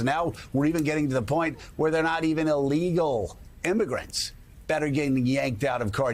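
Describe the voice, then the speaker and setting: High-voiced, indignant male talk host. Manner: indignant, emphatic, repetitive. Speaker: morning show host. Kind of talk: impassioned opinion commentary.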